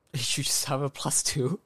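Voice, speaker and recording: A man narrating as game master of a tabletop game, halting and repeating words as he goes. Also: medium pitch, level tone, fairly bright tone, slightly rough, dry recording.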